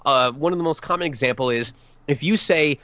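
A man's voice: a little high, fairly quick, bright, forceful tone, dry recording. Man, voice actor guest, earnest, emphatic, dry close sound, slightly dull lo-fi audio. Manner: earnest, emphatic, with frequent restarts. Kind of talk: podcast interview.

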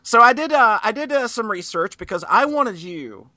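A man's voice: high-pitched, expressive, normal speed, pushed and bright, no room sound. A man hosting a podcast in a casual, teasing, joking way. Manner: joking, teasing, frequent laughs. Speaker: podcast host.

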